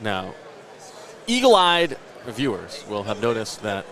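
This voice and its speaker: A man in his late thirties hosts a casual podcast at a middle pitch. He spins long, rambling stories and pokes fun at himself as he goes. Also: expressive, moderate pace, fairly bright tone. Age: late 30s. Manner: rambling, self-mocking storyteller. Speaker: podcast host. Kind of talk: casual chat.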